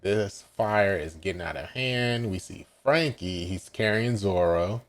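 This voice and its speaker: A man's voice: lowish voice, a little slow. A man casually recapping a manga chapter as he reacts live, hesitant and full of ums and self-corrections.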